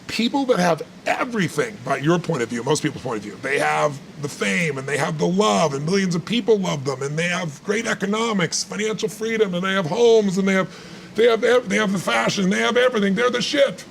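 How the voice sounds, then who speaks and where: A man's voice: high-pitched, lively intonation, a little fast, vocal fry, a little hiss or hum. A man giving motivational talk in conversation, emphatic and repetitive, telling stories to make his point. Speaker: motivational speaker.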